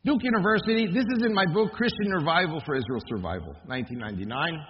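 A man with a high, animated voice delivers an emphatic lecture, peppering his listeners with rhetorical questions. The talk rings out with a long hall reverb. The recording is dull and lo-fi. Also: fast, slight background noise. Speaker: speaker. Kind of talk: impassioned lecture.

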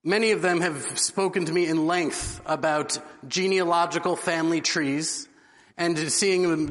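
Earnest high-voiced man preaching. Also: a bit bright. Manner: earnest storyteller. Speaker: religious speaker. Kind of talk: inspirational religious talk. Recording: long hall reverb.

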